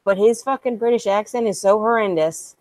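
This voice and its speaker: A woman's voice: medium pitch, brisk, a little mellow, no echo. A woman chatting casually, swearing freely and laughing often. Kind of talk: casual chat.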